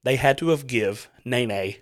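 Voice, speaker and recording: A man's voice: mid-range voice, measured pace. A man hosting a podcast, telling a story in a loose, rambling way with many restarts. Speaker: podcast host. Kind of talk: casual chat.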